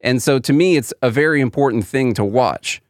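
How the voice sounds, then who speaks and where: A man co-hosting a casual political talk show, energetic and chatty. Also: mid-range voice, brisk, dry recording, studio quality. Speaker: podcast co-host.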